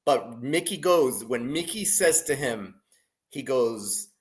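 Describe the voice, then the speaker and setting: A man in casual chat who talks haltingly with lots of restarts, sounding enthusiastic. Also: mid-range voice, lively intonation.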